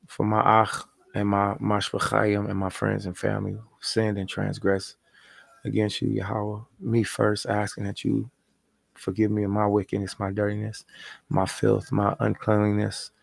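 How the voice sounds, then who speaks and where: A man's voice: on the low side, monotone, normal speed, gravelly, no echo. A man leading a spoken prayer, chanting repeated invocations and confessing his faults. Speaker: prayer leader.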